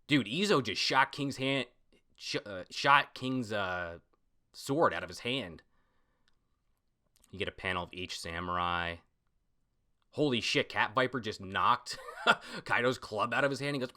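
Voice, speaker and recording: Man, manga reaction host, lowish voice, bright tone, casual, excited, swears casually. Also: measured pace.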